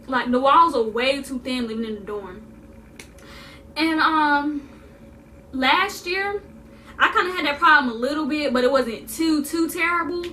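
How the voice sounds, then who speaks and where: Young woman, high and bright, sassy storytelling vlogger, a bit off-mic. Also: unhurried, pauses often, distant mic, a little hiss or hum. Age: young adult. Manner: animated, sassy, repeats for emphasis. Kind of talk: casual storytime vlog.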